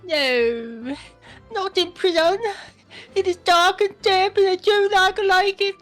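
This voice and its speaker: A woman's voice: very high-pitched, slow pace, a bit bright, faint music behind, voice pushed up, full character voice. A woman playing a whiny frightened kid. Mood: scared. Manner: whiny, complaining.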